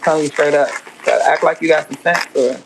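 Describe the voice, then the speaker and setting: A woman's voice: deep voice, fairly even intonation, fast, gravelly, background noise. A woman cooking while she chats to her stream, talking bluntly, cussing freely and rambling. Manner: blunt and profane, scolding and rambling. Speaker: home cook and food vlogger. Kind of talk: casual livestream chat while cooking.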